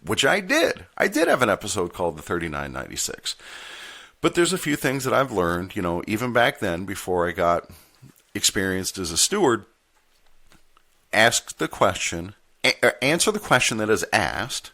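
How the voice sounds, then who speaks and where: A man with a lowish but bright, forceful voice tells a story on his podcast. His pitch rises and falls with animation, and his manner is wry and candid as he reads documents aloud. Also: sing-song, moderate pace. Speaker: podcast host and postal union steward. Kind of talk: storytelling monologue.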